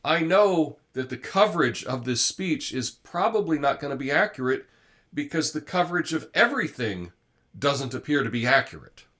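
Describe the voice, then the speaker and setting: A man's voice: a little high, very animated, normal speed, fairly bright tone. A man hosting a live commentary show, talking through the news in a conversational way, with frequent fillers and restarts. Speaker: host.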